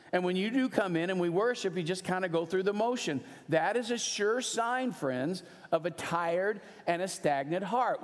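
In a church, a middle-aged male pastor with a voice on the high side preaches a sermon, earnestly telling a personal story. He moves between animated emphasis and hushed, quiet moments, and the recording has a long hall reverb.

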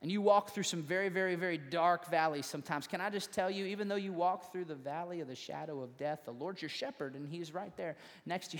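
High-voiced man preaching in a church hall. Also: animated, fairly quick, hardly any pauses. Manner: builds from hushed to rising, repeated questions. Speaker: pastor. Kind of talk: sermon. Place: church sanctuary.

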